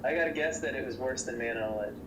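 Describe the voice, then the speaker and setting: A man's voice: mid-range voice, rapid-fire, a bit bright, recorded from a distance. A man chatting about movies, earnestly defending the films he likes. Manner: earnest, defends his picks. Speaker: movie reviewer. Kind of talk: casual podcast banter. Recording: echoey room, off-mic, noisy.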